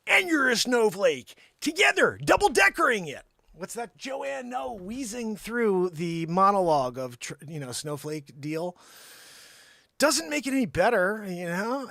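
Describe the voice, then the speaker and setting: A man hosting a call-in comedy livestream in a high, bouncy voice. He rambles through jokes and keeps teasing an off-screen helper. The sound is dry and close. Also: sharp tone, no echo. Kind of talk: joking livestream banter.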